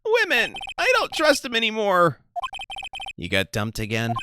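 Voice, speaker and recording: A woman doing Larry, a loud overexcited young guy. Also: high voice, wildly swooping pitch, measured pace, noisy background, pitched above the performer's own voice, heavily acted. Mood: whiny. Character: loud excitable young male slacker friend.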